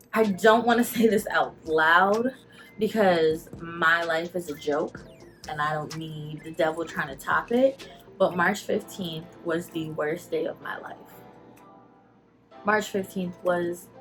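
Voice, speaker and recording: A young woman telling a personal story to her channel in casual talk, animated and emotional, full of "like" fillers, holding back tears. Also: lowish voice. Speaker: vlogger.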